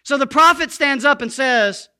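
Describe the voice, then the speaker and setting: Delivering a sermon, a male pastor leans on key words by slowing down, tosses in playful asides, and has the congregation echo his words back. He speaks emphatically in a very high-pitched, pushed, bright voice.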